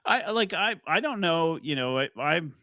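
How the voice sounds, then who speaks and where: A man from Canada who is a podcast guest in casual chat, easygoing and quick to laugh along. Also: on the high side, lively intonation, sharp tone, no room sound, studio quality.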